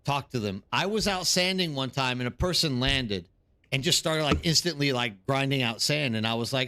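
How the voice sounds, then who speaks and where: A man's voice: mid-range voice, animated, moderate pace, bright, forceful tone, dry recording. A tired man live streaming, chatting casually and rambling as he answers viewers in the chat.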